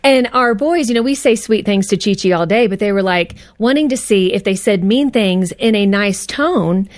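A woman's voice: medium pitch, normal speed. A woman who counsels couples, speaking as a guest and telling stories in an affirming, chatty way. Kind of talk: casual conversational interview.

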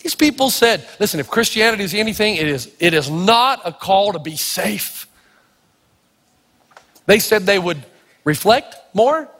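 A man from Tennessee preaching a sermon, telling stories with lively energy and acting out the voices of the people in them. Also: high voice, a little slow. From Tennessee, United States. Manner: animated storytelling, acting out voices. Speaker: pastor. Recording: reverberant hall.

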